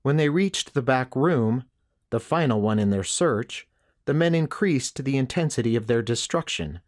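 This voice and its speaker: This is a male audiobook narrator telling the story in the first person. His delivery is steady and measured, and his pitch is medium.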